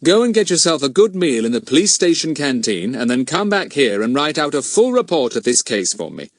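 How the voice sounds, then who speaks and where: A man's voice: fairly high pitch, very animated, fairly quick, no echo, studio quality, voice pushed up. A man voicing a genial, dignified middle-aged police inspector in a storybook, courteous and formal with kindly teasing.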